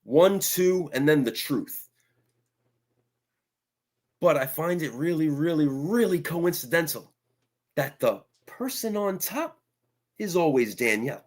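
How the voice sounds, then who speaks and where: A man co-hosts a podcast with knowing, wry remarks. His pitch sits a bit high and moves a lot. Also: animated, slow, pauses often. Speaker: podcast co-host. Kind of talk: casual chat.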